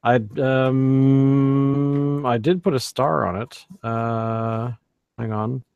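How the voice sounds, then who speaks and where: A man's voice: mid-range voice, fairly even intonation, drawn-out words, vocal fry, clean tone, no echo, narrow, tinny audio. Rambling man in a dry room. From Canada. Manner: rambling, many fillers and restarts. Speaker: podcast co-host. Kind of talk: casual chat.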